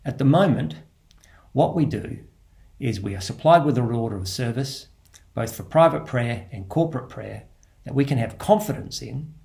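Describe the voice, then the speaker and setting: In an expressive, creaky, mid-range voice at a moderate pace, an Australian priest shares a gentle spoken meditation on prayer. Thinking aloud, he repeats key phrases and restarts himself.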